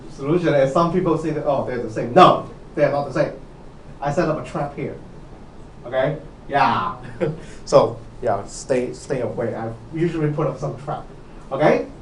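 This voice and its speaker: A man's voice: a little high, a little hiss or hum. A man lecturing on programming, who often checks with "okay?" and quizzes his students. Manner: repetitive, asks students questions, many "okay"s. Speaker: university lecturer. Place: lecture hall. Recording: echoey lecture hall, mic at a distance.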